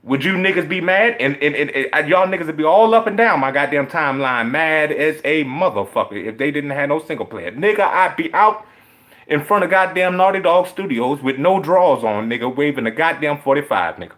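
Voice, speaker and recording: A man giving a heated, profane rant to his viewers, with emphatic repeated points that swing from low muttering to loud, high outbursts. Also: lively intonation, brisk. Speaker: gaming vlogger.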